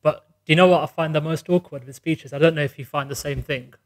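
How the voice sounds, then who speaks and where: A man with a fairly high voice explains his working habits in a relaxed chat. He is practical and conversational, walking through his tips step by step. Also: quick pace. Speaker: podcast co-host, wedding DJ. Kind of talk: casual chat.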